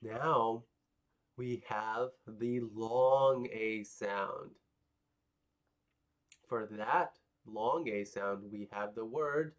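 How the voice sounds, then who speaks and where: Very slow, patient phonics teacher man. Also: on the low side. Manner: patient, encouraging, drawn-out. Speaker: children's English phonics teacher. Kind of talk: teaching young learners.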